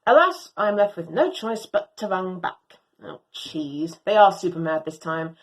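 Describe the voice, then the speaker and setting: A woman reading a storybook as an excitable, proud young female Doberman, speaking theatrically in grand old-fashioned phrases. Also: fairly low pitch, normal speed, lightly acted, rough recording. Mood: sheepish.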